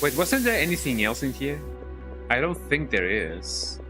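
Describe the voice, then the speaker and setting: A man streaming a video game live, talking to himself in a worried, halting way and yawning now and then. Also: mid-range voice, sing-song, music in the background. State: sleepy, yawning. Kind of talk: casual live gameplay commentary.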